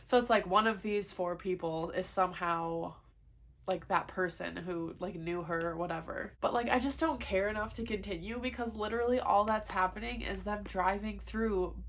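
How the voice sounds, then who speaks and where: A woman's voice: medium pitch, normal speed. A young woman vlogging casually about her reading, talking in a chatty, frustrated way with lots of fillers. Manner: chatty, frequent "like", frustrated rant. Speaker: book vlogger. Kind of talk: casual chat.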